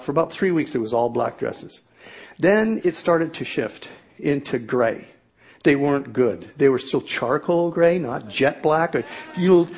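A man's voice: a little high, gravelly, a little mellow, breathy edge. A middle-aged man telling a humorous personal story to an audience in a self-mocking, exaggerated comic way.

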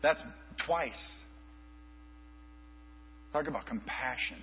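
A male pastor telling an animated story in a sermon, acting out the people he quotes. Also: medium pitch, slow pace. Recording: reverberant hall, dull lo-fi with mains hum.

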